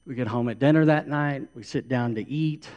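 A man's voice: medium pitch, moderate pace, darkish tone, highs cut off. A middle-aged man preaching a sermon, repeating phrases for emphasis as a pastor. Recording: long hall reverb.

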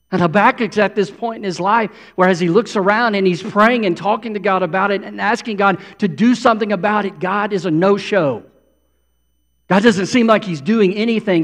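A man with a notably high voice delivers a sermon, earnest and building in intensity as he voices pleading prayers. His words carry a long reverb, as if spoken in a large hall. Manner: earnest preaching, voicing prayers with rising intensity. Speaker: pastor.

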